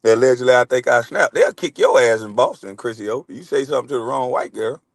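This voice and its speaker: A man's voice: mid-range voice, fast, gravelly, no room sound. A man, hosting a casual livestream and bantering loosely with chat, swearing and laughing. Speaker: livestream host.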